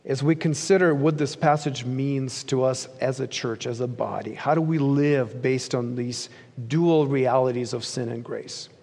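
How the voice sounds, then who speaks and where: A man preaching a sermon as pastor, earnest, rising for emphasis and sinking low at the ends of phrases. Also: unhurried, darkish tone. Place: church sanctuary. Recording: long reverb of a large church hall.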